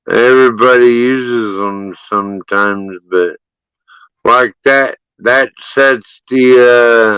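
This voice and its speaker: A man moderating a live stream, chatting casually in a slow, laid-back drawl. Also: medium pitch, pushed and bright, clear, resonant tone, dry recording, poor audio.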